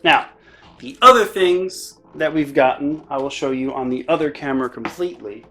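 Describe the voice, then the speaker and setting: A man's voice: a little high, moderate pace, bright, forceful tone, faint music behind. A chatty man narrating a board game unboxing in a casual, self-deprecating way, often correcting himself mid-sentence.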